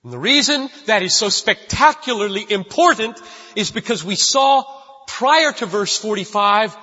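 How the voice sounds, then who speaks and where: High-voiced husky preacher in echoing hall. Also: male voice, lively intonation, normal speed, pushed and bright. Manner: emphatic, repeats key phrases. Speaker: pastor. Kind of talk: sermon. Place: church sanctuary. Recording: dull lo-fi sound with long hall reverb.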